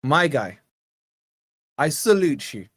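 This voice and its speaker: A man's voice: a little high, slow, breathy edge, no echo, studio quality. A young man hosting a live football fan stream, brash and mocking, worn out from little sleep. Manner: brash, mocking, excitable banter. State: tired from lack of sleep. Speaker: football fan channel host.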